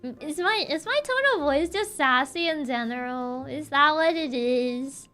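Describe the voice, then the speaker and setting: Bright, high-voiced soft-spoken woman streamer. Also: animated, measured pace, faint music behind. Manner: laughs often, sassy, playful. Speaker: VTuber streamer. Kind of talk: casual livestream chat, reading chat aloud.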